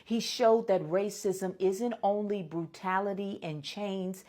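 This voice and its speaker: A woman reading a scripted narration in a measured, solemn, rhetorical way. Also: mid-range voice, warm tone.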